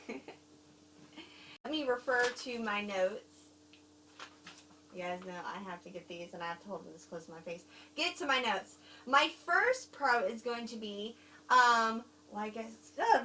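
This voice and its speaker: A woman's voice: on the high side, measured pace. Rambling woman with a light Southern twang. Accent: light American Southern. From grew up overseas, Germany and Korea. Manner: rambling, animated, laughs often. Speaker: co-host reviewing films. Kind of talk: casual chat review. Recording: distant mic with faint hum.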